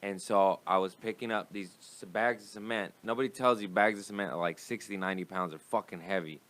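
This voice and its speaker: A man's voice: on the low side, steady tone, fairly quick, fairly bright tone. A young man, a comedian guest, telling a profane, rambling story in casual chat.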